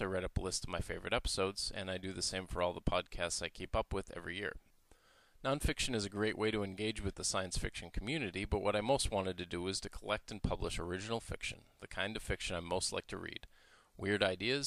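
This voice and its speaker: A man's voice: low voice, vocal fry, sharp tone, no echo. A man, a magazine editor, giving an earnest scripted introduction.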